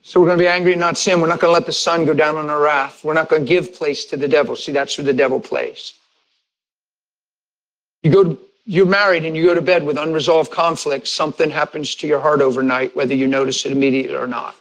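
A man's voice: quick pace, rough recording. A male pastor preaching a sermon, telling a personal story in a conversational way and acting out conversations with bursts of laughter. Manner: animated, re-enacts conversations with rising pitch and bursts of laughter; conversational, direct address to congregation.

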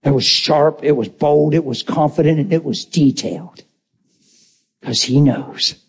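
A man preaching a lively testimony, acting out the voices in his story and laughing often. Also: a little high, a little slow, gravelly, breathy edge. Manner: animated, acts out quotes, laughs often. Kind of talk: sermon storytelling.

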